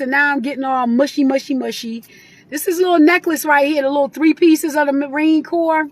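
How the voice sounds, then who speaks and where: A woman's voice: high-pitched, fairly even intonation, a little fast, a little hiss or hum. A middle-aged woman talking casually and sentimentally as a guest on a live video chat. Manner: warm, chatty, sentimental.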